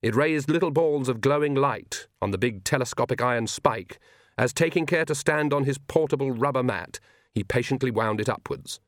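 A man's voice: medium pitch, normal speed, no echo, studio quality. Man narrating a fantasy audiobook.

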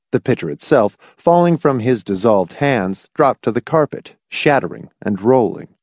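A man narrating an audiobook with expressive, lively storytelling. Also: mid-range voice, dry recording, studio quality.

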